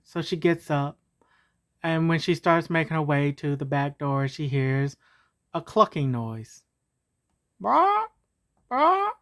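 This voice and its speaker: A woman telling a homemade story in a casual, meandering way. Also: deep voice. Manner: casual, meandering, with fillers and restarts.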